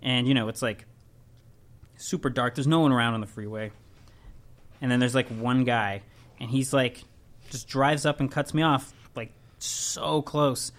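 Male podcast co-host, mid-pitched, loose self-deprecating storyteller. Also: measured pace, long pauses. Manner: rambling storyteller, self-mocking. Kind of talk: casual chat.

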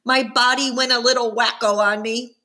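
A woman reading a first-person audiobook aloud, with expressive narration that follows the story's tension. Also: on the high side, normal speed.

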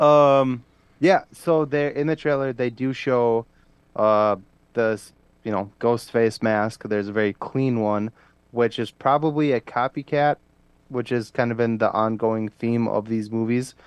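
In a relaxed podcast conversation, a male co-host chats loosely, laughs a lot, and lets his sentences trail off into fillers. He has a clear, resonant mid-range voice and a measured pace, recorded with no room sound.

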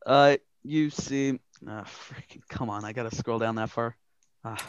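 A man's voice: medium pitch, a little slow, highs cut off, slight background noise. A man running a casual tabletop game, narrating with many restarts and mild swearing. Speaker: game master.

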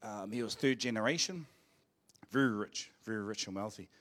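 During a church service, the New Zealand pastor speaks at a fairly low pitch and moderate pace, with a bit of brightness. He shares a playful personal story and prompts the congregation to shout phrases back.

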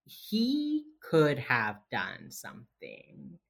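Very low-voiced woman podcast co-host. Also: huge pitch swings, gravelly. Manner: casual, swears freely, retells scenes in quick quoted bits. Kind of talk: casual podcast chat recapping a TV episode.

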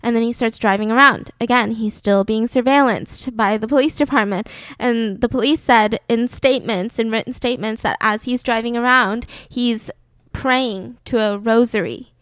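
A woman's voice: fairly high pitch, normal speed, few pauses, a bit bright, clear, resonant tone, dry recording. A young woman co-hosting a podcast, telling a true-crime story in a chatty way, full of "like". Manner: chatty, filler-heavy with "like". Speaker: podcast co-host.

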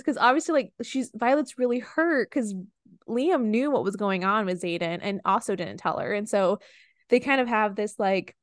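Casting note: young woman co-host, smooth clear voice, rambling fond retelling, dry close mic. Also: mid-range voice, moderate pace, dry recording. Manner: rambling retelling with many fillers and restarts. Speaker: podcast co-host. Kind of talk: casual book discussion.

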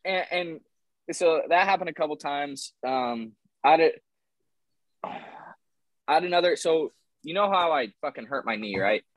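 A young man in his twenties telling stories in a casual podcast chat, swearing often and animated. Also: on the high side, a little slow, long pauses, no echo, rough recording. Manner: swears a lot, animated storytelling. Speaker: podcast guest.

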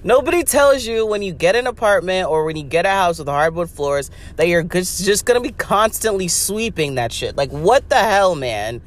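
A woman's voice: lowish voice, lively intonation, moderate pace. A young woman hosting a podcast, talking in a rambling, profane comedic monologue full of "like" and laughter. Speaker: podcast host.

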